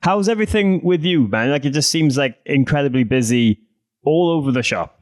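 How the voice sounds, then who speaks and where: A man's voice: a little high, animated, fairly quick. A man co-hosting a podcast, earnestly plugging the show and asking for listener support. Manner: earnest, friendly promotional tone. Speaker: podcast co-host. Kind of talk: casual podcast plug and chat.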